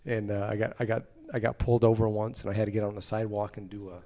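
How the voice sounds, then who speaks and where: An American musician being interviewed, telling stories in a casual, animated way and acting out other people's lines. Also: male voice, fairly low pitch, quick pace. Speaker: musician guest.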